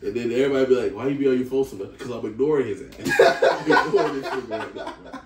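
A man's voice: mid-range voice, quick pace, very noisy. A young man hosting a reaction video, telling a story with lots of laughing and swearing and acting out what people said. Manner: animated, laughing, swearing, acts out quotes. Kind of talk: casual storytelling and reaction chat. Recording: echoey room, mic at a distance.

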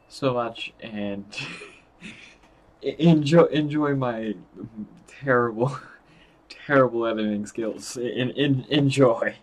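A man's voice: medium pitch, poor audio. Giggly stammering young gamer guy. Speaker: gaming channel host. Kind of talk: casual gameplay commentary.

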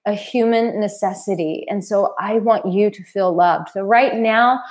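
A woman's voice: medium pitch, a little slow, darkish tone. Earnest woman dating coach on a livestream. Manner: earnest, heartfelt, emotional at times. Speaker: dating coach and channel host. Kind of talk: live stream talk to viewers.

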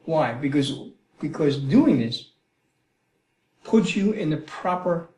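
A middle-aged man teaching the Bible in a conversational way, animated and acting out prayers, often checking in with "Okay?" and "Right?". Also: fairly high pitch, takes it slowly. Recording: roomy echo.

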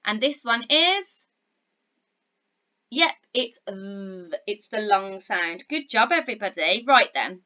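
Woman, primary teacher, bright voice, slow and clear, slightly dull recording. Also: medium pitch, expressive. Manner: encouraging, slow and clear, sounding out words. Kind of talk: recorded phonics lesson for young children.

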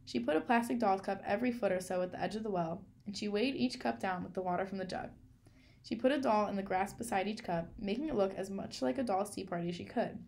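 Woman storybook reader, measured and clear, mid-pitched with some vocal fry. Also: a little mellow. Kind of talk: storybook read-aloud.

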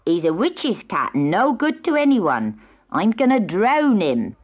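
A woman voicing a gruff, angry middle-aged male farmer who speaks loudly, slowly and bluntly, reading a storybook. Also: medium pitch, very animated. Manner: loud, slow, blunt. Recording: dull old cassette tape.

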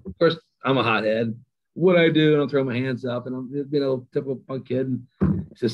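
A middle-aged man with a Kentucky accent, a high school coach telling stories as a guest, self-mocking and laughing often. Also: steady tone, normal speed, pauses often. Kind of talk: casual storytelling interview. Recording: slightly dull lo-fi sound.

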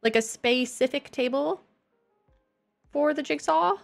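A woman's voice: sits high, unhurried, creaky. A woman live-streaming a building game, talking casually and playfully to her viewers. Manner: playful, chatty, reacting to viewers. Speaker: livestreamer. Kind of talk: casual live-stream chat while playing. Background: faint game music.

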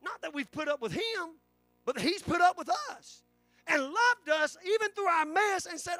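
A fervent pastor in his forties, preaching with a very high-pitched voice that keeps stumbling and restarting as he drives his point home. The sound is close and dry, with faint music underneath. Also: lively intonation, normal speed, sharp tone, no echo. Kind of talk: sermon. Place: church sanctuary.

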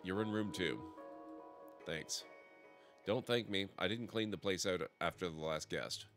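A man reading the lines of a grumpy, rude male motel clerk in a game, with a gruff, insulting manner. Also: sits low, measured pace. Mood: surly. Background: music.

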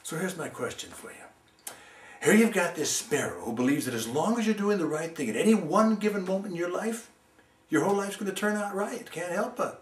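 A man's voice: high voice, lively intonation, brisk. A man telling a folk tale aloud, conversational and reflective, speaking directly to his listeners. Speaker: storyteller. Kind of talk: oral folk storytelling. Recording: roomy sound from a distant mic.

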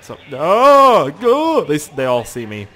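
A man's voice: a little high, huge pitch swings, measured pace, a bit bright. A young man casually commentating a video game, goofy and joking, swearing freely. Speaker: gaming channel host. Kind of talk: casual let's play commentary.

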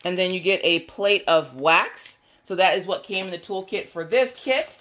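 A chatty woman hosts a relaxed unboxing video, talking through each step as she goes. Her voice sounds a little squeaky, and she gets openly enthusiastic. Faint background noise sits under her voice. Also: moderate pace. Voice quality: squeaky today. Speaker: crafting video host. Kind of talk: casual unboxing chat.

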